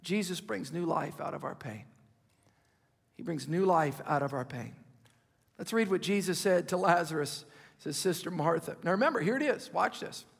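A man in his fifties preaching a sermon with impassioned urgency, dropping at times to hushed, intimate asides. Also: fairly high pitch, expressive, moderate pace, creaky, husky, in a large hall. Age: 50s. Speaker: pastor.

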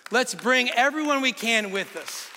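High-voiced preacher in an echoing hall. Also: male voice, measured pace, noisy background. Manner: animated storytelling with rhetorical questions. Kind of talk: sermon.

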